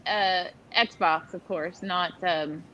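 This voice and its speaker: A woman's voice: fairly low pitch, fairly even intonation, takes it slowly, pushed and bright, lo-fi sound. A woman joining her husband's live stream in casual chat, giggly and easygoing. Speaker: host's wife, guest.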